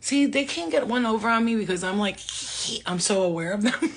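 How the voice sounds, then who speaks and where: A woman's voice: mid-range voice, lively intonation, moderate pace, breathy edge. A middle-aged woman talking casually as a spiritual medium, laughing often, swearing and speaking animatedly. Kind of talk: casual livestream talk.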